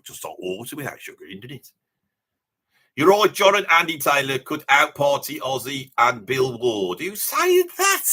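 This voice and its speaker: A man's voice: medium pitch, bright, forceful tone, breathy edge, exaggerated voice. A man playing a boastful, rambling Birmingham bloke with a Birmingham accent, chatting with viewers on a live stream in character. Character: boastful middle-aged Birmingham bloke, rambling name-dropper. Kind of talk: in-character live reaction chat.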